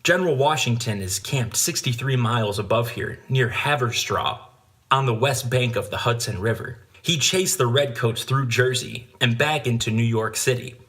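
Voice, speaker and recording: A man voicing a cautious older male patriot who speaks in a hushed, conspiratorial way. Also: medium pitch, moderate pace, lightly acted. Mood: serious.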